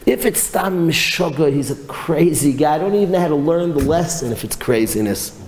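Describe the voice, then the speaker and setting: A man teaching a Torah class as a rabbi, telling stories in an animated way and mixing in Hebrew and Yiddish terms. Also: fairly high pitch, brisk. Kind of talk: storytelling Torah lecture. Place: yeshiva hall. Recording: reverberant hall with faint noise.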